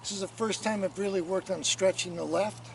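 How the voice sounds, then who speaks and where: A man's voice: high-pitched, a little fast, creaky. Man coaching posture, distant and noisy. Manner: calm step-by-step directions. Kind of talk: instructional coaching. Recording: distant mic, noisy outdoor background.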